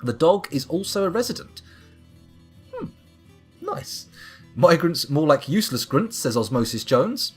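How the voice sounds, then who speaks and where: A British man live-streams a game, chatting casually, reading viewers' comments aloud and musing to himself as he plays. His slightly high voice is sing-song and breathy-edged, unhurried with long pauses, over soft background music.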